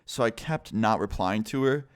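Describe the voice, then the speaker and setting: A man's voice: on the low side, animated, normal speed, smooth. A young man telling a story on his vlog in a laid-back way, swearing and saying "like" constantly. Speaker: YouTuber.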